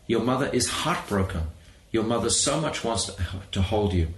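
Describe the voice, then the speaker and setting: A man voicing a gentle, pleading motherly woman coaxing a child, in an echoey room. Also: fairly low pitch, lively intonation, normal speed.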